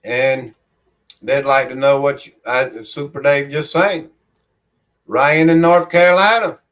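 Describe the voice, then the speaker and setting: Slow-talking Southern man streaming from home. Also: mid-range voice, steady tone, a bit bright. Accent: Southern US country. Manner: rambling and friendly, refers to himself in the third person. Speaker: livestream host. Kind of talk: casual livestream chat, reading viewer comments aloud. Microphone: phone held in hand.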